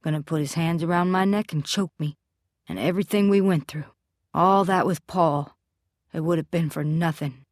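A woman voicing a frightened young boy in a quiet, tense, plainly spoken way, recorded dry and close. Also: low-pitched, moderate pace, no echo. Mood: scared.

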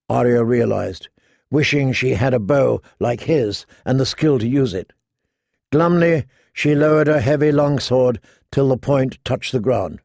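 A man reading a story aloud in a measured storytelling style. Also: medium pitch, gravelly, a little mellow, dry recording, studio quality. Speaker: audiobook narrator. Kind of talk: scripted narration.

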